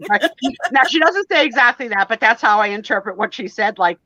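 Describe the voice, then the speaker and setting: A woman's voice: on the high side, brisk, no room sound, highs cut off. A woman on a casual live chat, telling funny personal stories and acting out the voices in them. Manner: animated, self-deprecating, acts out voices in her stories. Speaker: guest on a live vintage photo sale stream.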